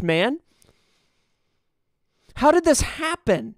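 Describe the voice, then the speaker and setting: A man streaming a game, chatting casually in an excitable, dramatic way and swearing often. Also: very high voice, slow pace, pauses often, dry recording, studio quality. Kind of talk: casual gaming chat.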